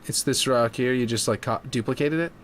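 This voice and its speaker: A man's voice: medium pitch, brisk, crowd noise. Rambling man thinking aloud. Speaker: streamer building a game map. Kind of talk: casual chat while working.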